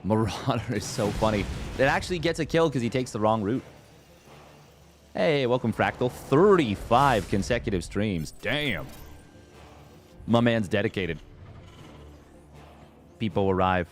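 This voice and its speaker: A man's voice: on the low side, animated, measured pace, pauses often, soft background music. Rambling, chatty man casting a game. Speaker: esports commentator. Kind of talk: casual live game commentary.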